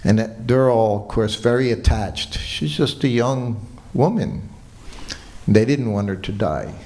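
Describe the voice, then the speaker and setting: A man giving a morning lecture at a temple, telling a personal story in a relaxed way and quoting what people said. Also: mid-range voice, measured pace. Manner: relaxed anecdotal storytelling with quoted dialogue. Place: temple hall.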